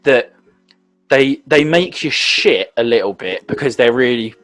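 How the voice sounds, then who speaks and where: Man, co-host, casual chat, animated, laughs a lot, faint music behind. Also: mid-range voice, a little slow. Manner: animated, laughing, full of "like" fillers.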